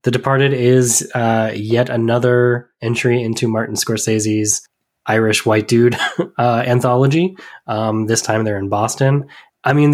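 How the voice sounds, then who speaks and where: Man, podcast co-host, casual comedic chat, jokey, quick laughs, middling pitch. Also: darkish tone. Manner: joking, laughs often.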